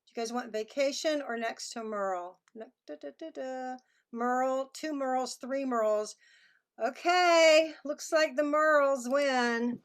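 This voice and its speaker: A Texan musician and author reads from her memoir over a video call, reflective and chatty, with a Texan accent. Her voice is high and her pace measured.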